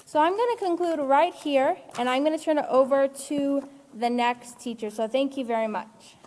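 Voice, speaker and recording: A woman's voice: sits high, normal speed, darkish tone, big-room sound, slight background noise. A woman teacher giving an online character-education lesson in an earnest, encouraging way. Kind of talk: live online class lesson.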